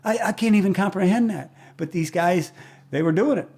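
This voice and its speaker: A man's voice: high-pitched, brisk. An older man, a race announcer as a guest, telling stories from his career in chatty, casual conversation and acting out what people said. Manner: lively storyteller who acts out quoted dialogue; chatty, with restarts and throat clearing.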